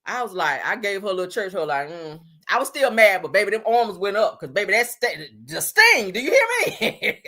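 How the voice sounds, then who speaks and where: A woman hosting a livestream, telling a childhood story in a casual, animated way and often laughing as she talks to her viewers. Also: medium pitch, fairly quick. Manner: animated, laughing, addresses viewers as y'all and baby. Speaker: livestream host. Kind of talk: casual storytelling to live chat.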